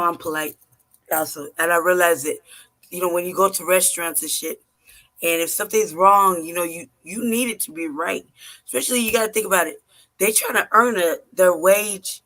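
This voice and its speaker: High, bright-voiced man telling a story. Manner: animated, profane, rambling with frequent fillers. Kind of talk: casual storytelling chat.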